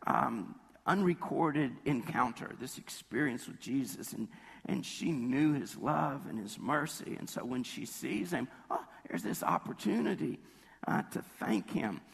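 A male preacher with a hoarse, gravelly voice that also sounds husky and rough. He tells his sermon like a casual story and breaks into little quoted voices. A long reverb trails after his words, as in a large church hall. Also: animated, a little slow, fairly bright tone. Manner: conversational storytelling, acts out quotes with jumps in pitch.

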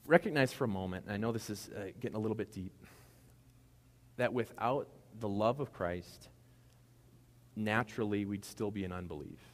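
A man preaching a sermon in a conversational, animated way, with casual asides to the congregation. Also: on the low side, normal speed, pauses often. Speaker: pastor. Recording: long hall reverb.

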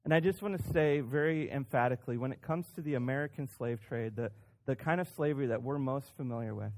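A male pastor delivering a sermon in a relaxed, conversational way. He restarts phrases often and lifts his voice for emphasis, with a mid-range pitch. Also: fast. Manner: conversational, self-deprecating, with frequent restarts and emphatic rises.

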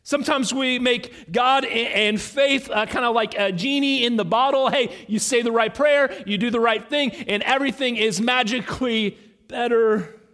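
A man preaching as pastor, earnest and halting, with many fillers and restarts. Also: extremely high pitch, a bit bright. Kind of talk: sermon. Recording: long reverb in a large hall.

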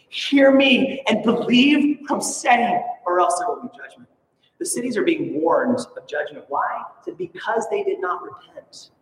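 Animated high-voiced pastor in echoing hall. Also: male voice, slight background noise. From Alaska. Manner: animated, playful, sarcastic asides. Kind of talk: sermon. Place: church sanctuary. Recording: echoey hall, from far off.

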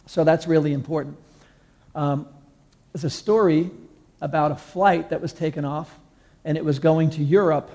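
A pastor preaching a conversational sermon, telling stories and repeating key lines slowly for emphasis. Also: male voice, a little high, fairly even intonation, warm tone. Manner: conversational storytelling, slow emphatic repetitions.

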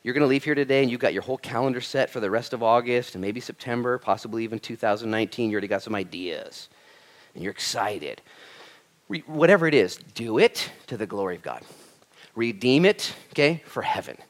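A man's voice: mid-range voice, a little fast. A man preaching as a pastor, talking energetically and conversationally to his congregation. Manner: energetic, conversational preaching with animated quoted asides. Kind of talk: sermon.

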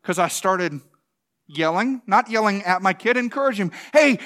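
A man's voice: high-pitched, lively intonation, moderate pace, fairly bright tone. A man in his thirties, a pastor giving a conversational sermon, often asking "can I tell you" and restarting his words.

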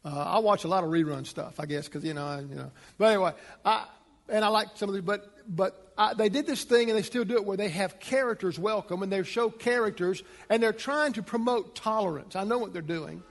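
A pastor with a high, light voice delivers an emphatic sermon, pressing his points with rising force. His words ring out with a long reverb, as in a large hall. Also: fairly quick. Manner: emphatic, rising to a preaching pitch.

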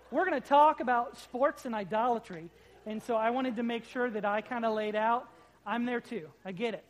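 Over a rough recording, a pastor with a very high-pitched voice preaches at normal speed into a corded mic. He keeps the sermon casual, joking with the congregation seated before him.

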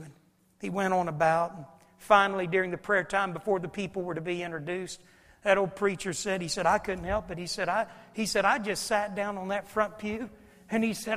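A male preacher delivering a revival sermon and altar call, swinging from shouted climaxes to near whispers. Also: high-pitched. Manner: swells to shouted climaxes, then drops to a whisper. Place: church sanctuary. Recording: long reverb of a large hall.

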